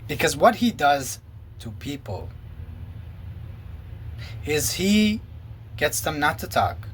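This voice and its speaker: A former pastor giving an earnest personal testimony and acting out past conversations in quoted dialogue. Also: male voice, on the high side, sing-song, slow, a little hiss or hum.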